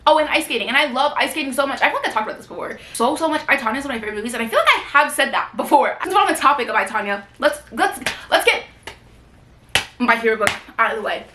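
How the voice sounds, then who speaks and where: A young book vlogger chats casually about her new books in a book haul, gushing and rambling with plenty of fillers. Her high voice is expressive, rapid-fire, pushed and bright. She's in a room at home with a bookshelf, with roomy sound and slight background noise.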